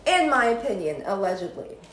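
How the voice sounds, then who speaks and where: A woman chatting on a live stream from home in a gossipy, animated way, now and then drifting into sing-song lines. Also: medium pitch, a little fast, a little hiss or hum. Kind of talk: rambling casual live-stream chat. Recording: roomy echo with faint ambience.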